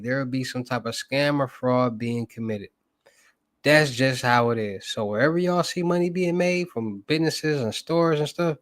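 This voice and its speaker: A young man with a Southern US accent talks loosely to his livestream chat, rambling and full of slang. His voice sits in an ordinary middle pitch. The sound is close and dry, with little room in it. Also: dry recording. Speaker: livestream host. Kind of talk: casual livestream talk to chat.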